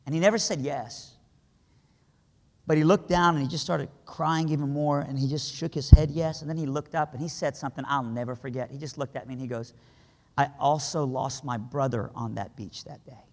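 A man from Iran telling a dramatic story to a crowd, swinging between hushed lines and impassioned cries. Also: medium pitch, steady tone, fairly quick. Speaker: speaker. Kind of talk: storytelling sermon. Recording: hall reverb.

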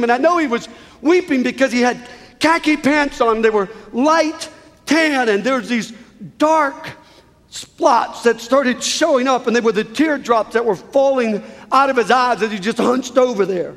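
A male preacher with a high voice delivers a sermon as a gripping story. He swings from quiet, heavy passages to loud, pleading peaks. His voice rings with the long reverb of a large hall. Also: unhurried. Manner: emotional, swells from hushed to near-shouting.

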